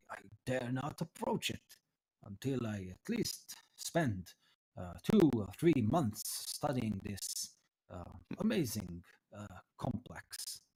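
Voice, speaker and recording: A man voicing a fussy, vain old tiefling scholar who speaks haltingly. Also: on the low side, a little mellow, husky, heavily acted, rough recording. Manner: hesitant, halting with ums.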